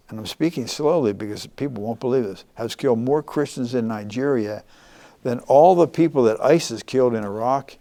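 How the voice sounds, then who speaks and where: An older man, a former congressman, speaking earnestly as an interview guest, with many halting restarts. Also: medium pitch, warm tone.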